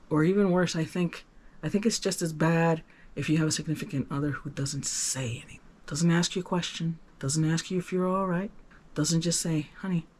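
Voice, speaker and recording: A man talking candidly to the camera in a personal vlog, earnest and rambling, with many restarts and sudden swings from soft to emphatic. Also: a little high. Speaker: vlogger.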